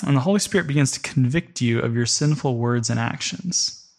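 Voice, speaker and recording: Brisk and darkish in tone, his mid-range voice carries a conversational church lesson. Addressing the congregation directly, he spins a vivid everyday story framed around "you."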